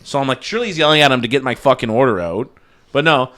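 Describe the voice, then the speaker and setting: A man's voice: medium pitch, very fast. A man telling a story in casual chat, acting out quotes and swearing often. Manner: animated, acts out quotes, heavy swearing.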